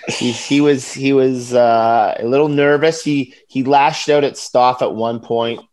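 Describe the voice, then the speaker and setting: A man's voice: medium pitch, steady tone, a little slow, darkish tone. A man co-hosting a podcast in casual chat, with dry, wisecracking remarks. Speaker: podcast co-host.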